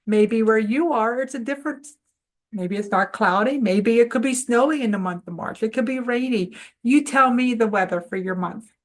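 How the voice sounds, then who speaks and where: Woman host for a toddler lesson; patient, encouraging, call-and-response, slightly high voice. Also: moderate pace. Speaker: preschool teacher and show host. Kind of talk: children's phonics lesson.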